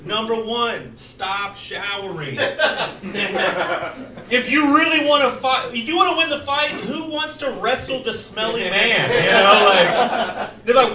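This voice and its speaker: A man performing a stand-up comedy set, animated, with loud acted outbursts. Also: high voice, normal speed, background noise. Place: comedy stage in a poker room. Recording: roomy live club sound from far off. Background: audience laughter.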